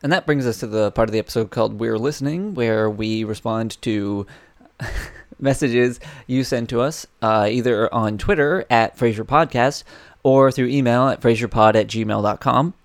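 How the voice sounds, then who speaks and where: A man's voice: mid-range voice, moderate pace. Chatty man co-hosting a podcast. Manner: rambling, chatty, many fillers and restarts. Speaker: podcast co-host. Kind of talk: casual podcast chat, reading listener emails.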